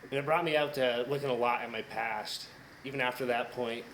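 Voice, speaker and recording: A man's voice: mid-range voice, steady tone, brisk, fairly bright tone, slight background noise, low-quality recording. A man graduating from a program, giving a candid, reflective personal speech at a ceremony.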